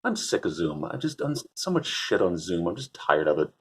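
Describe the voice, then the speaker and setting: A man's voice: low-pitched, big pitch swings, moderate pace, slight background noise. Rambling wry man hosting a talk show. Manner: rambling, self-interrupting, wry. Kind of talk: casual unscripted intro and chat.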